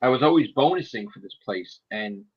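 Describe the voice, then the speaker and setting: A man telling a story in casual chat, swearing a lot and acting out the people in it, sometimes shouting. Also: medium pitch, fairly quick, slightly rough, highs cut off. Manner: animated, profane, acts out quoted people in raised shouting voices.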